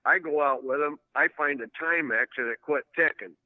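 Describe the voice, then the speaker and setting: A man's voice: on the high side, moderate pace, dry recording. Jokey man, dry muffled sound. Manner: jokey, laughs often. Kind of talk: casual chat.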